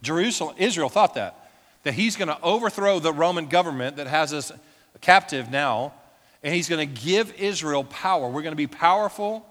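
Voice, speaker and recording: A male pastor preaching a sermon in a church, emphatic, swinging from loud declarations to hushed intensity. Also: on the high side, animated, normal speed. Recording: echoey church hall with long reverb.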